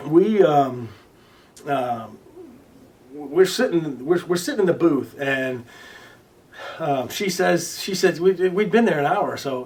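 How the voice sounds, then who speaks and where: A man being interviewed as a guest, telling stories casually, with many restarts and fillers, now and then swearing and loudly acting out what others said. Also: on the high side, recorded from a distance. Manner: swears casually and acts out quoted lines loudly. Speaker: interview guest, recording artist. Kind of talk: casual storytelling in conversation.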